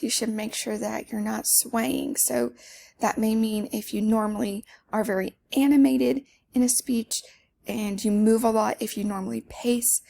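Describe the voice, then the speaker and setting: A woman's voice: fairly high pitch, gravelly, dark tone. A woman teaching public speaking in a conversational lecture, with fillers and self-corrections. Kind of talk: lecture to students.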